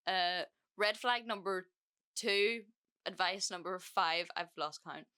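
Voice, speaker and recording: A woman's voice: fairly low pitch, slow, pushed and bright, clear, resonant tone. A young woman hosting a podcast, telling a breakup story in a casual, frank way that is full of swearing and fillers. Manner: chatty, frank, swears freely, many fillers. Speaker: podcast host.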